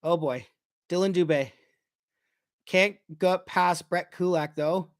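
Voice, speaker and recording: A man giving casual play-by-play of a hockey game as a fan, excitable and quick to swear, breaking into shouts when his team scores. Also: high voice. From Canada. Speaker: fan commentator. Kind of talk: casual play-by-play watch-along.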